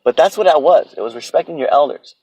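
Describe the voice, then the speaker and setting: A man's voice: a little high, expressive, fast, darkish tone, breathy edge, no room sound, rough recording. Blunt, profane man in his thirties. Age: 30s. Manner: blunt, profane, opinionated ranting. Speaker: podcast host. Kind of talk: solo podcast rant.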